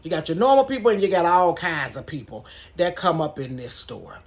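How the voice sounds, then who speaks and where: A middle-aged woman who manages a store tells a casual storytime vlog from her bedroom, chatty and animated, talking straight to her viewers. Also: sits low, fairly quick.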